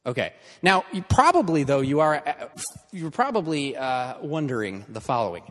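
A man's voice: a little high, big pitch swings, normal speed, fairly bright tone, long reverb tail. A man teaching an in-person class in a conversational lecture style, checking in with his students as he explains.

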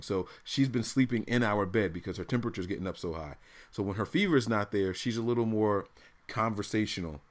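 A man in his thirties telling stories animatedly in a casual podcast chat, laughing often. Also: fairly low pitch. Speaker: podcast co-host.

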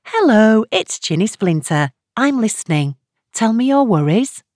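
A woman narrator voicing a soothing radio advice host of about fifty who speaks gently to her callers. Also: on the high side, big pitch swings, unhurried, dry recording, studio quality, voice pushed up. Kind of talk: audiobook character reading.

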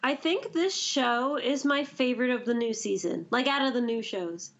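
Woman, high voice, dull lo-fi sound, casual co-host, short agreeing replies. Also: moderate pace, a bit bright. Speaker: podcast co-host. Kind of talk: casual anime review chat.

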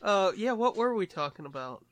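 A man's voice: sits high, big pitch swings, moderate pace, fairly bright tone, no echo. A man co-hosting a podcast in casual chat, rambling and joking, swearing freely and laughing often. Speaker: podcast co-host.

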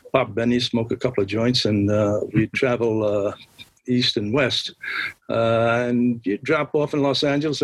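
Husky-voiced older man reminiscing. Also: medium pitch, no room sound, poor audio. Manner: relaxed recollection with many fillers. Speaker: photographer. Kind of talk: conversational storytelling. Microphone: online video call.

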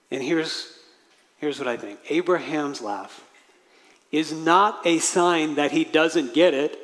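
A man's voice: fairly high pitch, takes it slowly, pauses often, a bit bright. A man preaching a sermon as pastor, earnest, acting out quoted prayers with rising intensity. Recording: long hall reverb.

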